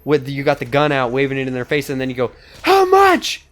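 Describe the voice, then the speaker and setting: A man's voice: mid-range voice, flat delivery, rapid-fire, clear, resonant tone. Rambling, swearing young male gamer. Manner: rambling, swears a lot, laughs often. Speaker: let's play co-host. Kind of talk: casual gaming banter.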